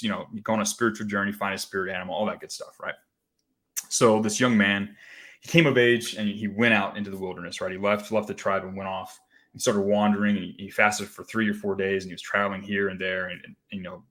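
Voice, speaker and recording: Man from the rocky mountain region of the US, morning motivational call host, low voice, conversational, frequent asides, restarts phrases. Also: a bit bright. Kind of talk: motivational storytelling talk.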